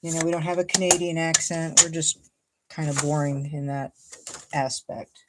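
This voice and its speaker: A woman's voice: deep voice, little pitch movement, moderate pace, very noisy. A woman from Ohio chatting casually and thinking aloud as she makes a paper card. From Ohio, USA. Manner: chatty, thinks aloud while cutting and gluing. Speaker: card-making crafter, host. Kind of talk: casual crafting livestream chat.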